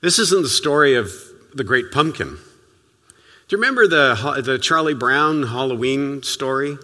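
A pastor delivers a sermon in a loose, conversational, storytelling style, his mid-range voice animated and measured in pace. His pitch swings widely with each point, and his bright, pushing tone often drops suddenly to near quiet. Long reverb from a big church hall surrounds the sound.

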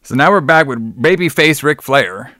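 A man's voice: on the high side, lively intonation, normal speed, bright, forceful tone, no room sound, studio quality. A young man co-hosting a podcast, chatting casually about old wrestling shows, loose and profane, full of "like" and "brother". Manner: profane, rambling, says "brother" and "like" a lot. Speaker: podcast co-host.

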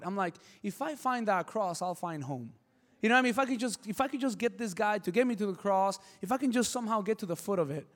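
A man preaching with passion in a high voice, repeating key words and telling stories along the way. His voice carries in a hall with a long, ringing reverb. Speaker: pastor. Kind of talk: sermon.

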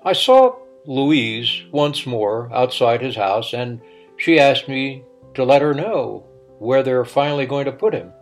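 A middle-aged man reading a personal story aloud in a reflective way, stammering and halting when quoting himself. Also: medium pitch, expressive, soft background music.

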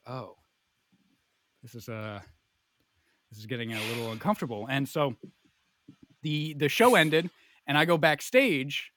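A young man telling a comic story in a rambling, animated way, full of fillers. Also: medium pitch, no room sound.

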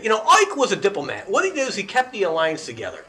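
A man's voice: high-pitched, huge pitch swings, racing, bright, forceful tone. A man hosting a casual podcast chat, ranting animatedly and swearing a lot.

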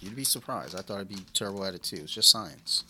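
A man co-hosting a casual podcast chat, talking in a rambling, profane and excitable way. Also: on the low side, fast talker, husky. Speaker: podcast co-host.

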